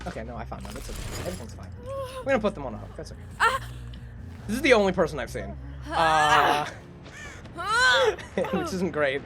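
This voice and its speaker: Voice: mid-range voice, huge pitch swings, fairly quick, long pauses, very noisy. A streamer giving casual live gaming commentary, chatty, self-mocking and swearing freely.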